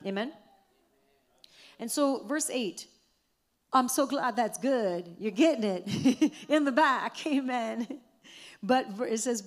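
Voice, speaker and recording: Woman preacher, impassioned sermon delivery, rises to loud, repeated-phrase exhortation. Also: mid-range voice.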